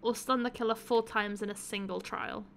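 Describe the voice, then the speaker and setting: A woman's voice: fairly high pitch, fairly even intonation, moderate pace, vocal fry, slight background noise. A woman streaming a video game, chatting casually in a chatty, self-mocking way and laughing easily. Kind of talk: casual live-stream chat.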